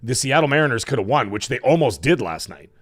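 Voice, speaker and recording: Hoarse guy chatting on his live stream, voice cracking, rambly, lots of thank-yous. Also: medium pitch, animated, quick pace, a bit bright, soft background music. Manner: chatty, rambling with fillers and restarts, effusive thanks. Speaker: livestream show host. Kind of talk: casual live-stream chat.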